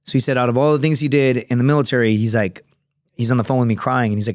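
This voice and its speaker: A man's voice: medium pitch, fairly even intonation, quick pace, dry recording, clean studio sound. A man, a former Marine and fighter, telling a story as a podcast guest in a casual, rambling way full of fillers and swearing. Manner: profane, rambling, many fillers.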